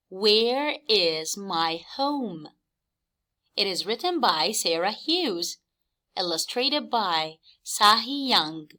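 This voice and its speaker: A woman reads a children's storybook aloud, slowly and with very careful enunciation. Her voice is high and bright, and it rises and falls with a lively, sing-song melody. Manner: slow, clearly enunciated, cheerful. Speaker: teacher reading a storybook to children.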